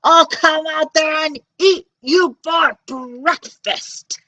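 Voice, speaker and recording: A woman's voice: high-pitched, dry recording, pitched above the performer's own voice, exaggerated voice. A woman putting on a roaring angry giant. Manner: loud, slow, drawn-out roaring. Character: huge horrible male giant, angry and threatening.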